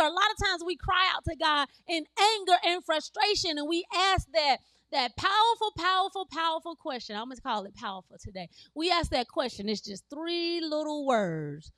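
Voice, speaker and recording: Woman pastor, sermon, high voice, dry sound, call-and-response. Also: lively intonation, normal speed, few pauses, sharp tone, no echo. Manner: call-and-response preaching, repeats phrases, laughs with congregation. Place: church sanctuary.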